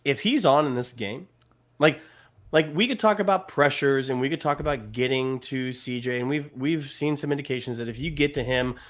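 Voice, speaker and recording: A man's voice: mid-range voice, normal speed. A man co-hosting a casual sports podcast, talking emphatically and repeating points for stress. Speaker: podcast co-host.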